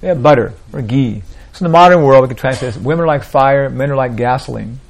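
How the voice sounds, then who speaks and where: A man's voice: mid-range voice, fast talker, vocal fry, crowd noise. A man teaching a small group in an informal spiritual talk, rambling and repeating "like that, you know" often.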